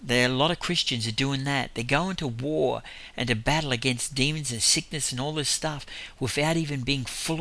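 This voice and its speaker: A man's voice: medium pitch, bright, forceful tone, dry recording. A man preaching in an informal testimony style, telling rambling stories with frequent chuckles.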